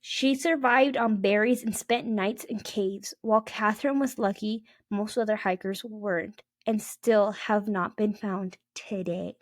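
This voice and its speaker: A woman's voice: medium pitch, fairly even intonation, measured pace, few pauses, no echo, studio quality. A young adult woman hosting a casual storytelling podcast, chatty and digressive, with many ums and restarts. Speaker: podcast host.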